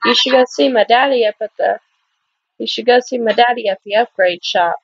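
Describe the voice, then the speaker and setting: A woman's voice: fairly high pitch, fairly quick, breathy edge, no echo, dull audio. A woman voicing a friendly young woman who gives helpful advice in a video game.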